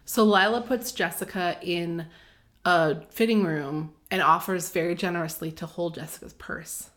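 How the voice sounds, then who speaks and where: A woman co-hosting a podcast, recapping a book in casual chat, full of fillers and quick laughs. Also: lowish voice, a bit bright. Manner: chatty, filler-heavy, laughs often. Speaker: podcast co-host.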